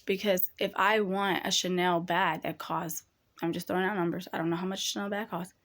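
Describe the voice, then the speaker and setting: Young woman chatting real candid to her listeners, says y'all, voice sits kinda low. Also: steady tone, fairly quick, a bit bright. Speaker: podcast host. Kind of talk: casual advice talk.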